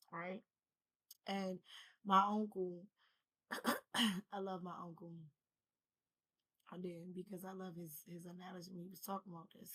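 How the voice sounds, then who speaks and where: A woman's voice: medium pitch, gravelly, rough recording. A woman who is feeling unwell talks to her viewers in a loose, rambling way. Her voice stays mostly level, with little rise and fall. It sounds like a casual spiritual vlog. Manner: rambling, loose and conversational, addresses viewers as y'all. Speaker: spiritual vlogger. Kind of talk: casual spiritual talk to camera.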